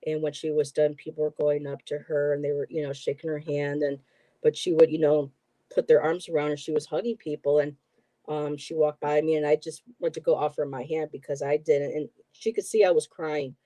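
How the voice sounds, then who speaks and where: A middle-aged host from the Buffalo area with a mellow, darker tone. Talks in a rambling, emotional way full of fillers, recorded close and dry with no room sound. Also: medium pitch, little pitch movement, a little fast, no room sound. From Buffalo, New York area. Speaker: host, tarot reader. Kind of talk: casual chat.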